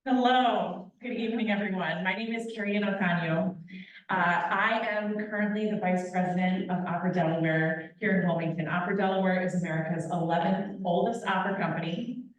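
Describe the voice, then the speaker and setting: A young adult woman, an opera company vice president, giving a lively, playful talk to an audience with a handheld microphone. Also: fairly low pitch, fairly quick. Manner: animated, playful and direct with the crowd. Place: large echoey hall. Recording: very echoey hall, picked up from a distance.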